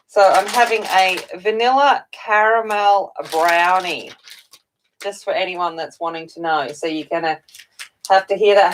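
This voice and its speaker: A woman's voice: on the low side, fairly even intonation, normal speed, slight background noise, low-quality recording. A woman hosting a casual livestream from home, tired and chatty, greeting viewers by name and talking while she eats. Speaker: coloring channel host.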